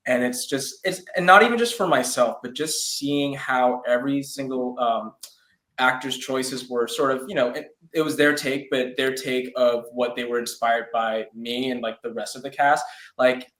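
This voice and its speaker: A man's voice: mid-range voice, a bit bright. Earnest young man in a roomy space. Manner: earnest, hesitant, filler-heavy. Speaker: actor guest. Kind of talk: interview conversation. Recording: roomy echo.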